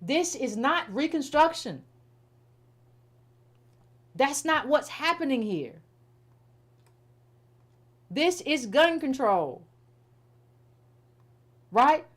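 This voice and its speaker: A middle-aged woman with a high-pitched voice delivers political commentary in a casual, unscripted way. She talks bluntly and repeats herself as she presses each point, with plenty of informal turns of phrase. Her tone stays exasperated and critical throughout. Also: big pitch swings, drawn-out words, long pauses.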